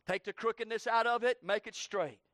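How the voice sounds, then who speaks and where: A man preaching a sermon with passion, swinging between shouting and hushed pleading and piling up rapid lists. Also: sits high, no echo, clean studio sound.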